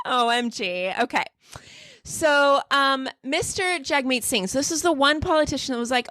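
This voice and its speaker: A woman's voice: on the high side, moderate pace, a bit bright, no echo, studio quality. Chatty woman podcast host. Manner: chatty, laughs at herself, reads quotes. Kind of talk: casual political commentary.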